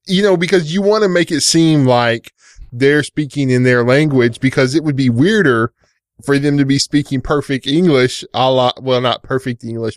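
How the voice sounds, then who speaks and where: A man co-hosting a podcast, explaining a point in measured casual chat. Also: medium pitch, no room sound, clean studio sound. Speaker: podcast co-host.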